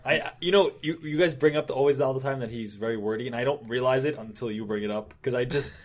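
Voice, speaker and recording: A man's voice: medium pitch, fast talker. A man with a mid-range voice recaps a comic book for his friends in casual podcast chat. He rambles along, filling gaps with "um" and "like". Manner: rambling, filler-heavy recap.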